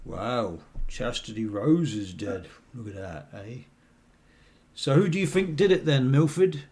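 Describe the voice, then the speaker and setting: A man's voice: mid-range voice, expressive, measured pace, a little mellow. A man voicing a chatty, rambling town guard corporal in a tabletop role-play, with a folksy, gossipy manner.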